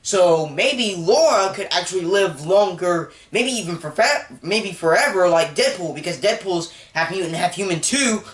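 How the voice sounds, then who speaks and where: Reviewer channel host, chatty recap with lots of filler, mid-pitched voice in an echoey room. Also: expressive, moderate pace, hardly any pauses, a bit bright. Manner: rambling, heavy use of "like", emotional about the story. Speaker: movie reviewer. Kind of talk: casual spoken film recap.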